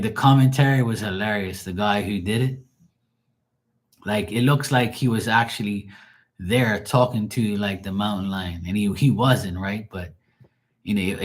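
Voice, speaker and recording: Low-voiced man telling loose stories. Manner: loose, rambling storytelling with heavy slang and profanity; laughs often while telling stories. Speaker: streamer doing live tarot reads. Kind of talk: casual livestream chat.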